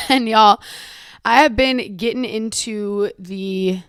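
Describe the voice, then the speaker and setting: A young woman hosting a casual solo podcast, sassy and profane, laughing often and calling her listeners girl and queen. She is tired and a little hoarse. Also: mid-range voice, slow, a bit bright, no echo, studio quality. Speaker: podcast host.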